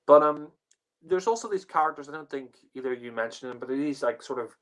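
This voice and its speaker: A man's voice: fairly high pitch, fast talker, a bit bright, poor audio. A man giving a casual spoken review, rambling with lots of fillers and restarts. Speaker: podcast panelist reviewing a TV story.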